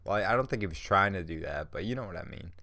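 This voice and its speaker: A man's voice: low voice, lively intonation, fast talker, pushed and bright, no room sound, studio quality. A man hosting a podcast alone, stoned, rambling in a laid-back, profane way and laughing often. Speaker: podcast host.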